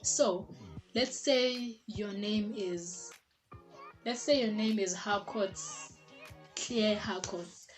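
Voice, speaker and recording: A young South African woman telling a casual storytime, chatty and animated, slipping in isiZulu phrases and lots of "like". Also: medium pitch, very slow, long pauses. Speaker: vlogger. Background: background music.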